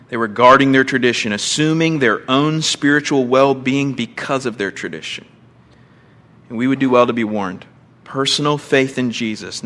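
A middle-aged man preaching a sermon, reading scripture and acting out quotes with big swings between loud and quiet. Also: mid-range voice. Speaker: pastor.

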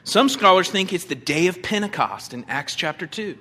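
A man's voice: high-pitched, animated, moderate pace, bright, forceful tone. A man preaching a conversational sermon, emphatic and direct, with rhetorical questions to the congregation. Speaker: pastor.

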